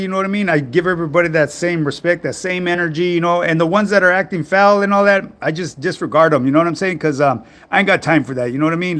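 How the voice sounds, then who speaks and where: A man's voice: a little high, fairly bright tone. Slangy laid-back man. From Southern California. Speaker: fitness livestream host. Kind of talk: casual livestream chat answering comments.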